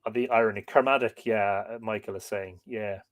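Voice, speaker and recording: A man's voice: fairly low pitch, steady tone, a little fast, dry recording. A man hosting a live stream, reading a history book aloud and chatting with viewers' comments in a rambling, chatty way. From Ireland. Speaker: livestream host.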